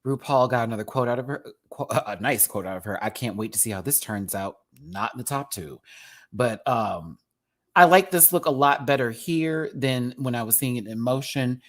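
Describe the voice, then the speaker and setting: Sassy man from Texas, reviewer vlog read: bright, forward tone with a lively, swooping delivery and plenty of drag slang. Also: medium pitch, normal speed. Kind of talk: casual commentary vlog.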